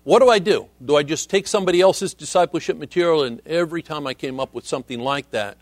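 A middle-aged visiting missionary preaches a sermon in an earnest, measured way, frequently quoting scripture. His voice is a little high, with no echo in the recording.

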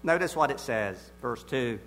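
A man preaching an expository sermon, deliberate and emphatic, repeating his key phrases. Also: mid-range voice, animated, a bit bright.

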